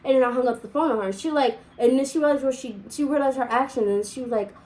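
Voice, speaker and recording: A woman's voice: high voice, fast, darkish tone, rough recording. A young woman telling a personal story casually, rambling with many repeats and restarts. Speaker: vlogger.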